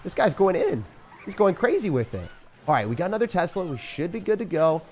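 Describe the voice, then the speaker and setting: A young man giving excitable, jokey commentary over his own gameplay, swinging from loud hype to low mutters. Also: fairly quick, faint music behind. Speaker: gaming commentator.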